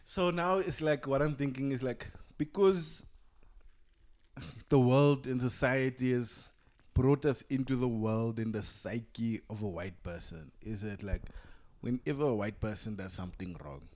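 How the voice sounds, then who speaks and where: A man's voice: medium pitch, a little slow, a little mellow. A young man from South Africa, a podcast guest in casual discussion, thinking aloud as he talks, recorded through a camera's built-in mic. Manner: thinks aloud, many fillers and restarts.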